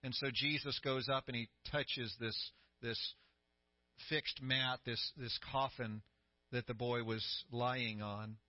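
A middle-aged man preaching a sermon as pastor, telling the story with growing excitement and a voice that climbs high. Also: slow pace, no room sound. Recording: dry, slightly dull sound.

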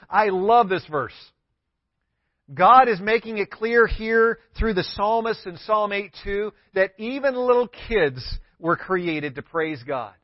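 A man's voice: high voice, animated, slow pace, no room sound. A man pastor giving a sermon, emphatic and repeating key words for stress. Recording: dull lo-fi sound.

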